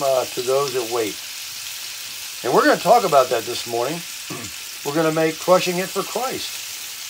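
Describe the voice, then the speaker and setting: An older man chats cheerfully to his phone on a selfie stick while bacon sizzles faintly nearby. His voice sits at an ordinary middle pitch but is a little hoarse, and he keeps clearing his throat. He talks in a loose, self-amused way from a small camper kitchen. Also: noisy background. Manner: upbeat, chatty, self-amused. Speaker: vlog host. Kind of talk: casual chat while cooking. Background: bacon frying.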